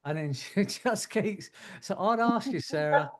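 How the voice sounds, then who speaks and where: A man with a slightly high voice hosts a group coaching call. He gives casual, chatty advice and jokes and laughs as he talks. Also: expressive, unhurried. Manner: warm joking advice, laughs often.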